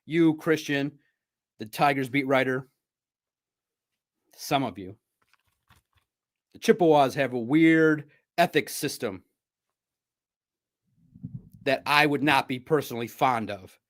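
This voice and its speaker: A man hosting a sports podcast, telling stories in a chatty, animated way. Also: mid-range voice, takes it slowly, long pauses. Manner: animated, chatty storytelling with laughs. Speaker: podcast host. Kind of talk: casual sports recap.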